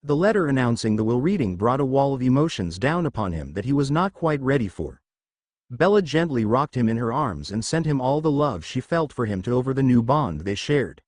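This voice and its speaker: A man narrating a fan fiction story in a steady, expressive storytelling voice. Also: medium pitch, a little fast, dry recording, studio quality.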